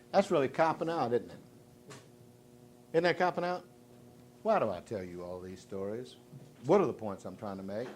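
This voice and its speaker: A middle-aged Virginia man with a mid-range, lively voice gives a motivational sales speech to a live crowd, speaking a bit slowly with long pauses. He jokes, swings from loud to hushed and gets the audience responding to his questions, with slight background noise present.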